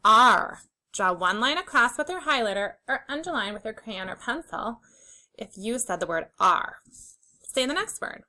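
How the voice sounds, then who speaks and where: A young adult woman teaching a phonics lesson to young children, sounding out letters slowly and clearly with encouraging praise. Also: on the high side, sing-song, bright, forceful tone, low-quality recording.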